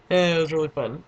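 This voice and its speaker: A woman's voice: on the low side, slightly rough. A teenage girl vlogging a casual story, chatty and giggly, filling her talk with "like" and breaking into squeals.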